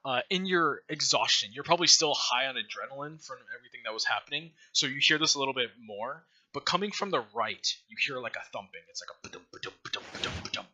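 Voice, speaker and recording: A man's voice: mid-range voice, expressive, quick pace, few pauses, bright, forceful tone, lo-fi sound, slight background noise. A man narrating a tabletop game as game master, loose and casual and full of "like" and "uh".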